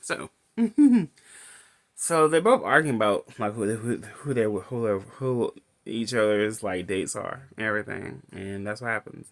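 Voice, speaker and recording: A man's voice: on the low side, lively intonation, measured pace, vocal fry. A man casually recapping a film as a reviewer, rambling and restarting his sentences. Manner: rambling, restarts often, laughs between lines. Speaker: movie reviewer.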